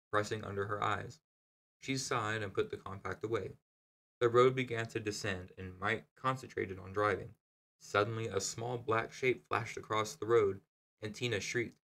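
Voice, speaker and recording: A man with a low, gravelly voice reads a novel aloud. His narration is steady and measured, taking each sentence at an even pace. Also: rough recording. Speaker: reader.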